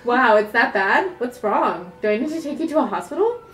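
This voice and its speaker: A woman's voice: fairly high pitch, sing-song, a little fast, a bit bright, echoey room, soft background music. A woman voicing an anxious young man, a new boyfriend, who keeps asking worried questions. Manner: anxious, asks question after question.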